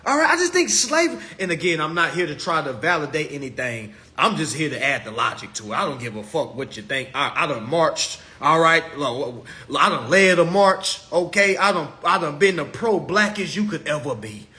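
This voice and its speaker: Animated, profane man on a live stream. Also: moderate pace, few pauses. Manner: animated, swings from loud exclamations to low muttering; repeats "all right?" constantly, profane. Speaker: livestream host. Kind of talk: impassioned monologue. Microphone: phone on a live stream.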